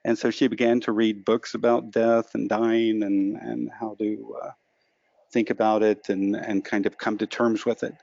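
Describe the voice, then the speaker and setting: A man's voice: on the low side, flat delivery, moderate pace, gravelly, darkish tone, no echo, lo-fi sound. A man being interviewed as an author, telling stories reflectively and often stammering and repeating words. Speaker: interview guest, lucid dreaming author. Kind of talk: reflective storytelling.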